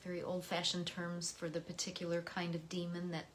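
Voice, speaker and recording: An American woman reading poems aloud and talking between them in a soft, slow way, her voice often dropping to a whisper. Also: on the low side, monotone, a little hiss or hum. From United States. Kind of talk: reflective poetry reading.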